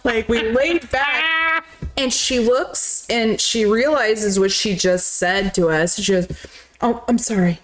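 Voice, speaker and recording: A woman's voice: on the high side, slow, a bit bright. A woman co-hosting a live movie show in casual conversation. She tells a rambling childhood story and laughs often. Her speech is loose and full of swearing. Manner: laughing anecdotes, swears freely. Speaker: podcast co-host.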